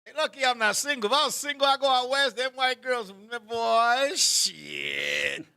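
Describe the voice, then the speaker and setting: A man hosting a talk show, telling comic stories in a profane, animated way. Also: very high voice, unhurried, vocal fry, smooth. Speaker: podcast host.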